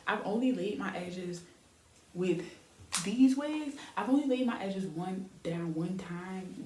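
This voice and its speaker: With a warm, fairly low voice, a young beauty vlogger chats casually as she does her hair for the camera, rambling and using many fillers. The recording is echoey with a faint background hiss.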